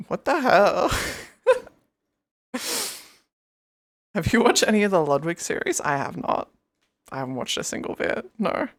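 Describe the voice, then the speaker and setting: A woman's voice: lowish voice, no room sound, clean studio sound. A woman streamer chatting casually and rambling, often breaking into giggles. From outside the US. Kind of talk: casual livestream chat.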